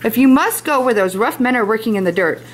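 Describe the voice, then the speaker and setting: A woman reading aloud, voicing a gentle but strict pioneer mother who speaks quietly and evenly. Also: fairly high pitch, expressive, a little hiss or hum, natural voice, rough recording. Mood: stern. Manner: quiet and measured.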